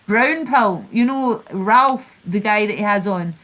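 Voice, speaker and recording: A woman's voice: mid-range voice, slow, fairly bright tone. A Scottish woman hosting a casual chat stream, rambling and swearing as she retells online feuds. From Scotland. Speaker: channel host.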